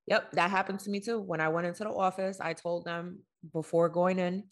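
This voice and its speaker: A young woman co-hosting a candid talk, speaking emotionally and haltingly with many fillers. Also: on the low side, steady tone. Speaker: podcast co-host. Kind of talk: candid personal conversation.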